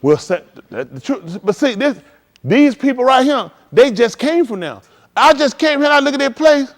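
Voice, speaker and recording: Animated high-voiced male preacher. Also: normal speed. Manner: animated, preaches in street slang. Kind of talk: live-streamed sermon.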